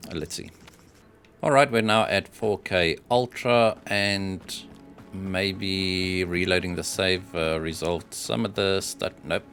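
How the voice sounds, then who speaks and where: A man giving casual voice-over commentary on gameplay benchmarks, hesitant and matter-of-fact, often pausing with filler sounds. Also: sits low, steady tone, fairly bright tone, soft background music.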